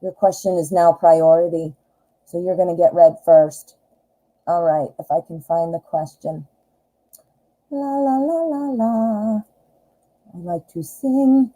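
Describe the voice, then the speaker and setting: Forties woman, Midwestern American accent, low and warm-toned, self-deprecating live tarot host. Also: poor audio. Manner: chatty, rambling, self-deprecating. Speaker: tarot reader. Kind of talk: live-stream tarot reading.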